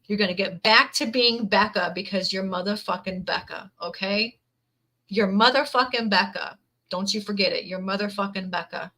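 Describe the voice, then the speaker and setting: A woman's voice: mid-range voice, steady tone, fairly quick, few pauses, bright, forceful tone, rough recording. A woman giving a live tarot reading to her viewers, earnest and emotional, teary at times, repeating her words of encouragement. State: teary, near crying. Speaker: tarot reader.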